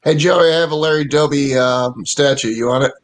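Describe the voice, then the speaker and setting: A man's voice: fairly high pitch, steady tone, brisk. Offhand man chiming in. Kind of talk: casual chat.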